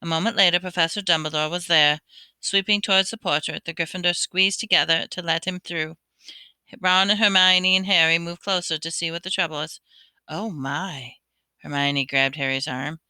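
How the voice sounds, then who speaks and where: A woman reads a novel aloud, sometimes tripping over words and starting them again. Her voice sits a little low, very bright and smooth. The sound is dry and close. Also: steady tone, brisk, no echo. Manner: stumbles and restarts words. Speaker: reader.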